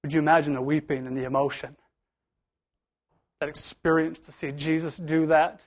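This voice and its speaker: A man's voice: on the high side, fairly even intonation, normal speed. A male pastor preaching a sermon to his church, building to emphatic bursts with much repetition.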